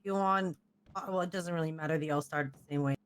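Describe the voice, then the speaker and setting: A woman's voice: sits low, steady tone, fast, clear, resonant tone. A woman playing an officer, walking cadets through their uniforms step by step in a matter-of-fact way, sounding just woken up. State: just woke up. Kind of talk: casual role-play instruction.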